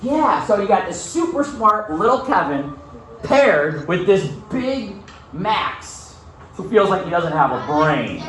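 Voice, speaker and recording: Speaking slowly, a male teacher with a high-pitched, fairly bright voice and big pitch swings reads a novel aloud, then discusses it casually with the class, often asking "okay?" Expect a very echoey room, a faraway mic, and a little hiss or hum.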